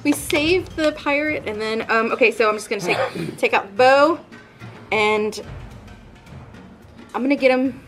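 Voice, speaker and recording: A woman's voice: fairly high pitch, normal speed, pauses often, a bit bright, soft background music. A woman playing her character in a tabletop role-playing game, thinking aloud with frequent restarts as she decides what to do. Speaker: player. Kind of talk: casual tabletop game play.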